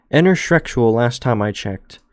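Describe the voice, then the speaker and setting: Young guy streamer rambling and joking, dead dry sound, mid pitch. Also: expressive, slow pace, no room sound. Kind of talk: casual chat over travel photos.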